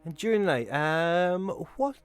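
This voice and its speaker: A man running a tabletop game as game master, narrating in a loose, rambling way. His pitch moves in a lively way as he talks. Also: a little slow, smooth, dry recording, soft background music. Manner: loose, rambling with fillers and restarts.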